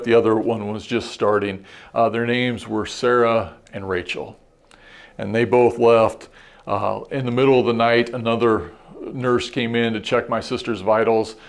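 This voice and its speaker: A man's voice: mid-range voice, vocal fry. A middle-aged man preaching a sermon as a pastor, telling a personal story in an earnest, reflective way with frequent restarts.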